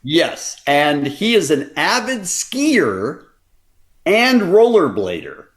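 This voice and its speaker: Male podcast co-host, wildly swinging pitch, playful banter. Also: takes it slowly. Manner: animated, joking, laughs often. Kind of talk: casual chat.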